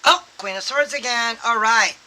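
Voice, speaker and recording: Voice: mid-range voice, moderate pace, bright, forceful tone, a little hiss or hum, low-quality recording. A tarot reader giving a casual, rambling reading full of fillers and acted-out quotes. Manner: rambling and filler-heavy, acts out quoted thoughts.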